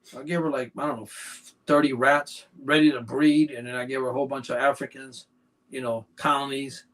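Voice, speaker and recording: Here a snake breeder, guesting on a podcast, speaks in a mid-range, slightly bright voice with a level tone and a somewhat fast pace. His casual stories ramble on at length, peppered throughout with "you know."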